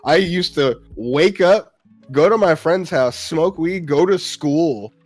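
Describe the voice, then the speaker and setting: A man's voice: on the high side, animated, takes it slowly, no room sound, faint music behind. A man chatting casually with friends, stammering and repeating words, swearing often. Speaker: podcast co-host. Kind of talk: casual chat among friends.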